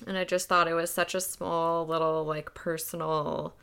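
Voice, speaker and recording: A woman co-hosting a casual book chat, relaxed and reflective, often trailing off mid-thought. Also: sits low, moderate pace, vocal fry, clear, resonant tone. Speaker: podcast co-host.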